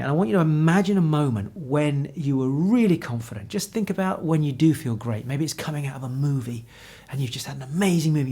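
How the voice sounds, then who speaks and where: A man in his fifties, a confidence coach, giving an energetic, encouraging talk straight to the viewer from an indoor room. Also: fairly high pitch, vocal fry, slightly rough. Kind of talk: motivational talk to camera. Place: indoor room with pictures on the wall.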